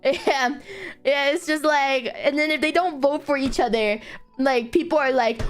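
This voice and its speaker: A woman streaming casual chat, animated and giggly, laughing often and swearing casually. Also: sits high, unhurried, faint music behind.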